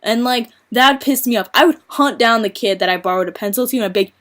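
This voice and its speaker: A woman's voice: on the high side, fast talker, few pauses, fairly bright tone. A young woman vlogging a casual rant, chatty and exasperated, swearing freely and saying "like" a lot. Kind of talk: casual venting rant to camera.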